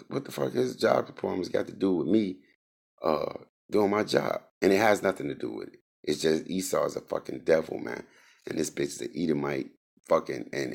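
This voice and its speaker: A man's voice: very deep voice, creaky. A man ranting in a casual, profane, rambling monologue, heated and restless. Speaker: host. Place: Indianapolis.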